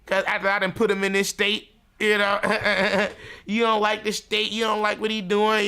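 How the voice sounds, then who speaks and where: Crude, ranting man with a bright voice. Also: high-pitched, clean tone. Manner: loud, crude and mocking, with frequent laughter. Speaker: livestream show host. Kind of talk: provocative livestream rant.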